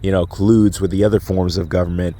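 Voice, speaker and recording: A low-pitched male vlogger with a dark tone talks quickly and with little pitch movement. Stuffy-nosed and drowsy, he rambles through a profane, casual monologue packed with fillers and restarts, recorded outdoors on a phone.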